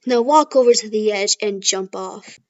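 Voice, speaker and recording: A woman's voice: moderate pace, no echo, muffled recording, close to an everyday voice. A woman doing a cold, taunting teen rival. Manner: low and quiet, taunting.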